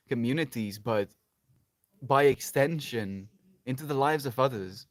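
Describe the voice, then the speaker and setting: A man's voice: medium pitch, measured pace. A sleep-deprived man rambling affectionately on a livestream, reading chat aloud and laughing often.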